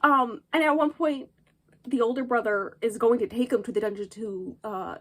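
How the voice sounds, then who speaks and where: Retelling a book's story for her casual review vlog, a woman speaks at a moderate pace in a notably high voice. Her delivery is loose and rambling, lively and packed with fillers.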